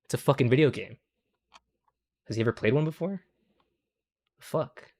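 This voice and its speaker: A man's voice: medium pitch, normal speed, a little mellow. A young man hosting a livestream, reacting to clips in casual, profane commentary. He rambles, keeps tagging lines with "okay?", and laughs at his own jokes.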